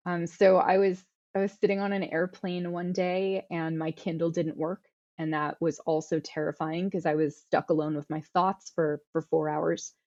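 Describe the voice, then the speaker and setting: A woman's voice: on the low side, darkish tone, highs cut off. A woman in her thirties answering interview questions earnestly, often restarting and repeating words as she thinks. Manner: earnest, self-correcting with repeated words and fillers. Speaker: guest author.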